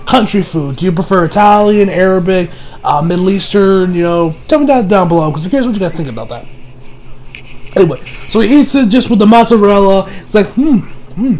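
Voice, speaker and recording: High-voiced young man rambling through a recap. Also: rough recording. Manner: rambling, laughs often, excitable. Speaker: anime reviewer. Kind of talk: casual episode recap.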